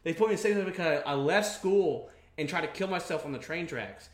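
This young man's voice sits fairly high and moves quickly, with lively intonation, as he tells rambling, profanity-laced stories full of restarts. It's a casual podcast chat, taped in a bright studio where the sound echoes around the room.

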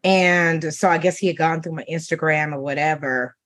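A middle-aged woman co-hosting a talk show, telling a dating story in casual chat, animated and laughing as she quotes the men. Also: deep voice, moderate pace.

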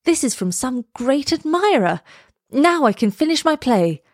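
Reading aloud in a full character voice pitched above her own, a woman plays a poor young male student who writes plays, sounding eager and overjoyed. Her delivery is high, with big pitch swings and a measured pace. The studio sound is clean, with no echo.

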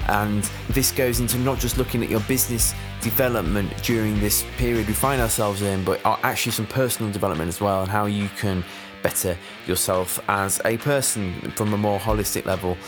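A male podcast host runs through his plugs in a relaxed, chatty way, with plenty of fillers. His voice sits a little low. Guitar music plays clearly behind him. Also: fairly quick, hardly any pauses. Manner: chatty, upbeat plugging, filler-heavy. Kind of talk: podcast promo and interview.

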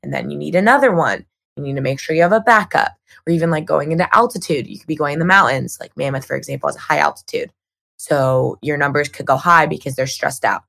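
Young female podcast co-host; low, gravelly voice, upbeat and chatty. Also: fast, a bit bright. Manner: upbeat, chatty, many "like" fillers. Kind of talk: casual podcast chat.

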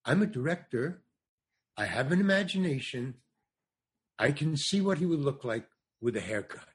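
A man putting on the voice of an older male film director, slow, clipped and stern. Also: a little high, very animated.

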